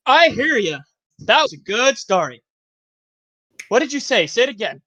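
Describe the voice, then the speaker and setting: A young man in his twenties, co-hosting a casual podcast, rambling through profane childhood stories with animated yelps and laughter. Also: very high voice, moderate pace, no room sound. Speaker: podcast co-host. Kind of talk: casual chat, storytelling.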